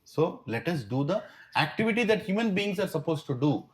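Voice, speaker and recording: A man with an Indian English accent teaching a spiritual class through stories. His voice sits somewhat high, and he talks with animation, sliding between Hindi and English. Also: very animated, a little fast. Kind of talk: storytelling class talk.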